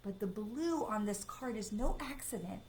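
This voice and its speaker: A woman's voice: medium pitch, lively intonation, moderate pace, a little mellow, a little hiss or hum. A woman reading cards on a live stream in a chatty, encouraging way, breaking off now and then to ban spammers. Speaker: psychic medium doing live card readings.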